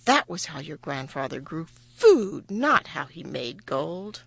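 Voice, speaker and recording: A woman voicing a greedy, impatient king who whines and demands in a read-aloud fairy tale, with a lively, swooping delivery. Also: sits low, measured pace, gravelly, slightly rough, pitched below the performer's own voice, full character voice. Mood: whiny. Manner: whiny, demanding. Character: greedy impatient old-fashioned male king.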